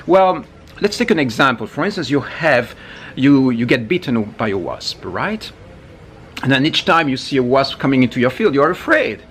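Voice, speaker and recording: A man talking casually to camera as a spiritual teacher, animated, with frequent asides and restarts. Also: mid-range voice, normal speed, slight background noise.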